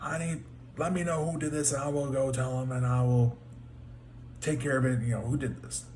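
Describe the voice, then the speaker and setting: A man's voice: medium pitch, a little fast, a little mellow, slight background noise, voice pushed up, lightly acted. A man voicing an ancient king in a Bible retelling, frantic and pleading. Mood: outraged.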